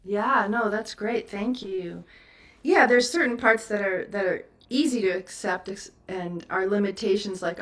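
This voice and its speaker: A woman's voice: mid-range voice, unhurried, recorded from a distance. A woman teacher answering a question at a meditation service, earnest and laughing easily. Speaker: spiritual teacher.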